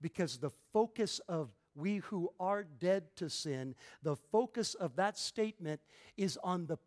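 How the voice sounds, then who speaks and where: A man preaching an expository sermon, emphatic and deliberate, leaning hard on single words. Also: fairly high pitch.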